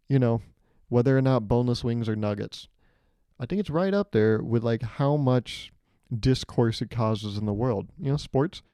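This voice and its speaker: A man's voice: mid-range voice, no room sound. A young man hosting a solo podcast, telling rambling stories with a sarcastic edge. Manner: rambling and sarcastic, acts out loud voices. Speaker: podcast host. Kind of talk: solo comedic storytelling.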